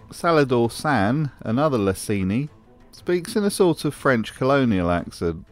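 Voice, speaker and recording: A man's voice: medium pitch, very animated, takes it slowly, soft background music. A man hosting a scripted commentary video, with a wry, sarcastic manner. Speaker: host.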